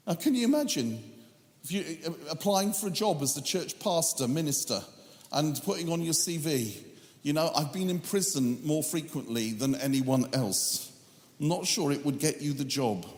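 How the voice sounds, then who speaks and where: A male preacher reading scripture in a slow, measured way, breaking in with humorous asides. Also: high voice. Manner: reads scripture in a measured, drawn-out cadence. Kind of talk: sermon. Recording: echoey hall with long reverb.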